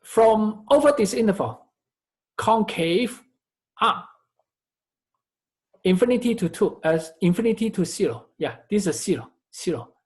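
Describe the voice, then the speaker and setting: A man's voice: high voice, lively intonation, measured pace, pauses often, a little mellow. A man teaching a recorded math lecture, working through each step methodically and often repeating or correcting his phrases. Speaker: math instructor.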